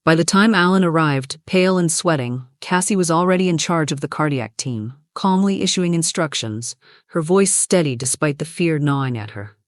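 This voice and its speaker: Steady storybook narrator, dry sound. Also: mid-range voice, normal speed, dry recording.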